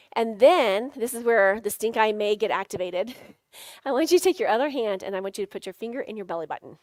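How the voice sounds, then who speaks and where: A woman's voice: medium pitch, no room sound. A middle-aged woman giving a live sales workshop, playfully coaching the audience through tapping exercises with jokey asides and frequent laughs.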